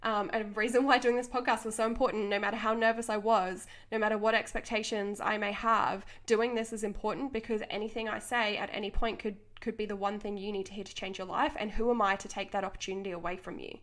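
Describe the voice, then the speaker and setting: A young woman speaks off the cuff as a podcast host and coach, earnest and full of passion. Her voice sits at an ordinary middle pitch for a woman, and she breaks into quick laughs between thoughts. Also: fairly even intonation, fairly bright tone. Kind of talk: unscripted motivational podcast monologue.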